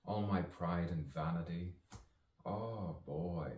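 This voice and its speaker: Man, very deep voice, slow improvised poetry, playful musing, roomy distant sound. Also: a little mellow. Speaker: actor and poet. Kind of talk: improvised spoken-word poetry.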